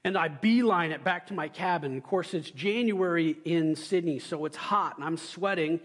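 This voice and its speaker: A young adult male pastor giving a sermon, telling stories with loud excited bursts and quiet asides. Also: fairly high pitch, moderate pace.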